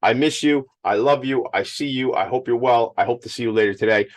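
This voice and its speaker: A man's voice: medium pitch, a little fast. A man hosting an interview, enthusiastic and effusive, getting emotional at times. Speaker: podcast host. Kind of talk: lively interview chat. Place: at a school event.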